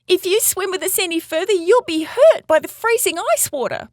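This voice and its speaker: A woman voicing an eager, affectionate baby female orca in a high, childlike voice for a storybook. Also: expressive, normal speed, a little mellow, no echo, studio quality. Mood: pleading.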